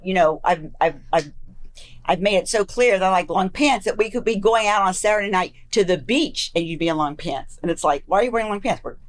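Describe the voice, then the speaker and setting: A woman in her fifties talking casually as a podcast guest, animated and self-deprecating, often acting out what others say. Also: lowish voice, fairly quick. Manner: animated, self-deprecating, acts out quoted lines.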